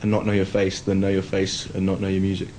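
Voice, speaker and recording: Low-voiced, mellow young British man. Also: quick pace, poor audio. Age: 20s. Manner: relaxed, candid and wry. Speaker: band member. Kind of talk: casual interview chat.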